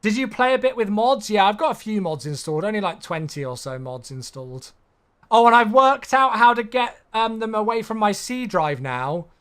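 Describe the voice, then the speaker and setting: A man's voice: sits high, sing-song, moderate pace, fairly bright tone, clear, resonant tone. A man streaming a flight simulator, chatting in an easygoing way and answering viewers' questions aloud, a bit sleepy and yawning. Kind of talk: casual live-stream chat.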